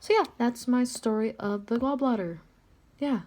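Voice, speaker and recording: A woman's voice: on the high side, normal speed, darkish tone. A woman telling a personal story in a casual, chatty way, full of "like" and "um". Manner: chatty, filler-heavy, lots of "like" and "um". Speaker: vlogger.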